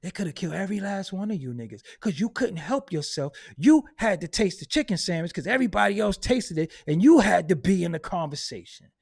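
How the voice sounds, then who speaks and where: A man delivers an unfiltered, profane monologue about hip hop culture. His voice sits somewhat high and swings widely as he rants. He often laughs at his own points. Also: big pitch swings, a little fast, gravelly, hardly any pauses, a little mellow. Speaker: host of a hip hop commentary channel.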